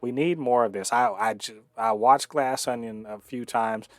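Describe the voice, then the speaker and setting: A man's voice: medium pitch, dry recording. Enthusiastic male reviewer, stop-start delivery, faint music behind. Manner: halting, many fillers and restarts, enthusiastic. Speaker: show host reviewing a TV episode. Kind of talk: casual review monologue.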